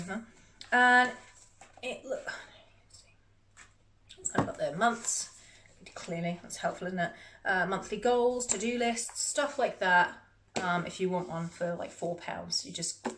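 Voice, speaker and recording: A beauty vlogger talks to camera about her recent purchases in a casual haul video, chatty, self-mocking, and rambling. Her voice sits on the low side and is a bit bright, recorded in an echoey room with faint noise.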